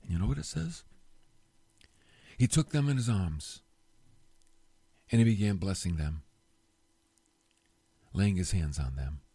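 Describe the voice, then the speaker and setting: Older man preaching with a lively, swooping voice. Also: low voice, unhurried, long pauses, slightly rough, no room sound. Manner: emphatic, folksy, joking asides. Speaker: pastor. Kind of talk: conversational sermon teaching.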